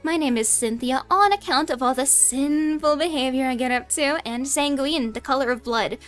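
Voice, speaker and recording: Young woman vtuber w/ a high voice, teasing bossy commander bit, faint music behind. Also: moderate pace, a bit bright. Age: young adult. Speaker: VTuber streamer. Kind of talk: in-character debut stream.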